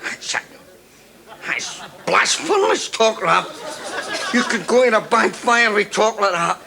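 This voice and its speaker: An actor playing an earnest Glaswegian drinking sidekick in a scripted sitcom. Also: male voice, sits high, slow pace, creaky, sharp tone, some chatter behind, exaggerated voice. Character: scrawny Glaswegian drinking sidekick, pious-sounding.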